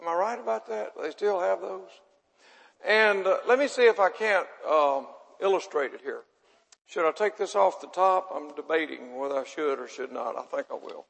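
A man with a drawl delivers a homespun sermon in a high voice. He is chatty and self-deprecating and keeps checking in with the congregation. His voice carries a long, lingering reverb from a large hall. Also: moderate pace, creaky, a bit bright, breathy edge. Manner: chatty, asks the audience questions, self-deprecating. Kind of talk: folksy sermon with audience banter.

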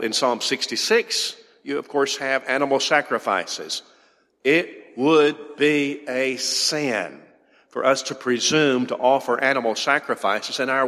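Repeated rhetorical questions press each point in this sermon, given by a man with a sharp, medium-pitched voice. He stands at the pulpit of a church sanctuary, and the sound carries a long hall reverb.

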